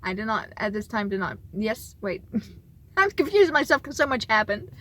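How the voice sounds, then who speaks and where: A young woman vlogger telling a story in a casual, animated way, often laughing as she talks. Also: on the high side, normal speed.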